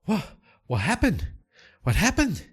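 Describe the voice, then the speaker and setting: Guy doing a dazed adventurer, kinda high and quick, impatient. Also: sing-song. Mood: bewildered.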